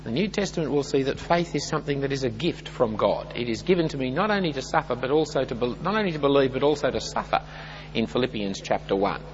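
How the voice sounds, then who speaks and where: A man preaching an expository sermon, earnest and emphatic, building up through repeated phrases. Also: a little high. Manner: earnest, emphatic build-ups with lively rises and falls. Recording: dull sound with long hall reverb and faint hum.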